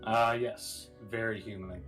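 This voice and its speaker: A man playing in a tabletop game over an online call, hesitant with many pauses. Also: lowish voice, steady tone, a bit bright, far from the mic, soft background music. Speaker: player.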